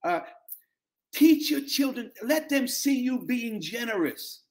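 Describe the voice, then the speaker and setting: A man's voice: very high-pitched, expressive, slow. A middle-aged man with an African-American English accent, preaching a sermon as pastor, calling out to the congregation and repeating phrases for emphasis.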